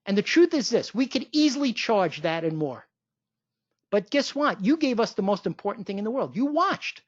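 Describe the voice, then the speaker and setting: A woman hosting a webinar, giving an enthusiastic sales pitch full of rhetorical questions. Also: sing-song, normal speed, no room sound. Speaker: webinar host pitching a training event. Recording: dull lo-fi webinar audio.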